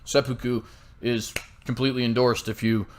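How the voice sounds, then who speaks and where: A man's voice: mid-range voice, flat delivery, moderate pace, a little hiss or hum. A young American man hosting a political commentary show, delivering a heated, sarcastic monologue with frequent "right?" tags. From United States. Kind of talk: opinionated monologue.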